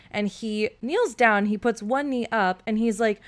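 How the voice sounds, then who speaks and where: Speaking at normal speed with few pauses, a woman with a medium-pitched, clear, resonant voice co-hosts a podcast. She tells a story animatedly in casual conversation, constantly filling gaps with "like."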